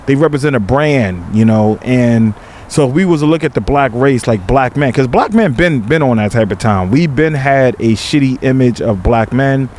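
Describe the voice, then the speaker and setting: Man guest, middle-pitched voice, reflective and halting, faint noise behind. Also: lively intonation, darkish tone. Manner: reflective, hesitant, repeats words, lots of 'you know'. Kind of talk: candid podcast conversation.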